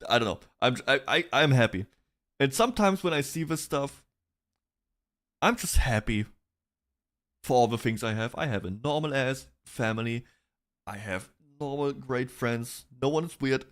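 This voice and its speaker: Man, streamer, casual rambling chat, middle pitch, restarts and laughs. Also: expressive, moderate pace, pauses often, a bit bright. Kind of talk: casual chat reacting to online drama.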